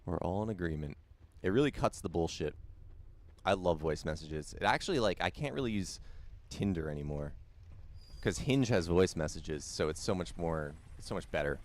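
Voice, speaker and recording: A man's voice: low voice, expressive, moderate pace. A young man streaming a video game, chatting casually, repeating himself and answering viewer comments. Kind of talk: casual live-stream chat while gaming.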